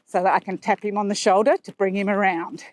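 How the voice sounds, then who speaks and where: A woman of middle pitch talks through a training ride in a riding arena, calm and explanatory, breaking off for soft praise. Her voice comes across close and dry, with little room sound around it. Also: quick pace, no echo. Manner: talking while riding a horse. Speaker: horse trainer. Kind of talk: instructional commentary while riding.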